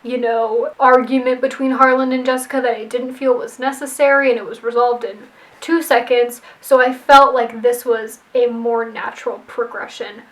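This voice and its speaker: A woman's voice: a little high, fairly even intonation, normal speed, rough recording. A woman casually retelling a movie plot she rewrote, chatty and playful with wry asides. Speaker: screenwriter rewriting a movie plot. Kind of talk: casual storytelling recap.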